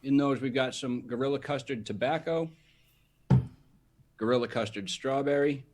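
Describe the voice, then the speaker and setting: A man's voice: medium pitch, normal speed, background noise. Matter-of-fact man listing gear. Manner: rattles off gear lists matter-of-factly. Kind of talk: casual live stream chat.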